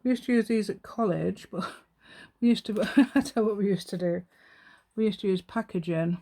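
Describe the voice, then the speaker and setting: A woman's voice: mid-range voice, moderate pace, dark tone. Chatty English woman doing crafts. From England. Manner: chatty, self-mocking, rambling asides, laughs often. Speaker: craft channel host. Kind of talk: casual craft tutorial chat.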